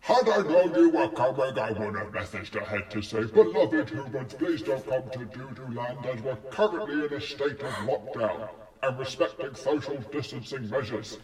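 A man's voice: mid-range voice, expressive, normal speed, darkish tone, roomy sound, big-room sound, far from the mic, natural voice. A man voicing a grand, all-knowing villain who talks in a pompous, overly polite way. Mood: grandiose.

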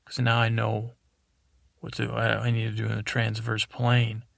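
A man voicing a guarded, touchy male swamp creature in a bedtime story, answering in a curt, deadpan way. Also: lowish voice, normal speed, gravelly, no room sound, clean studio sound.

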